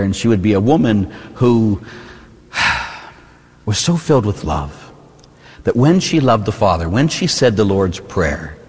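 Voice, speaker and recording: A male priest gives a sermon with a low, slightly husky voice, swinging widely in pitch as he talks. He preaches in an easy, conversational way, firing rhetorical questions at his listeners. The sound rings with the long reverb of a church hall. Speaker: Catholic priest.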